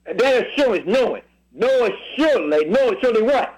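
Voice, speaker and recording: High, lively-voiced radio preacher man. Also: low-quality recording. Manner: drawn-out emphatic phrasing, repeated questions. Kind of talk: call-and-response Bible reading sermon. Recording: radio broadcast.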